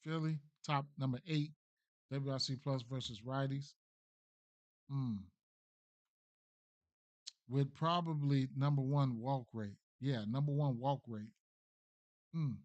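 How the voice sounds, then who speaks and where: A man talking through sports betting picks on a live stream, in an unhurried, loose way. He mumbles and thinks aloud, trailing off and restarting often. His voice sits at an ordinary middle pitch. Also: steady tone, darkish tone, lo-fi sound. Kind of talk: casual live-stream commentary.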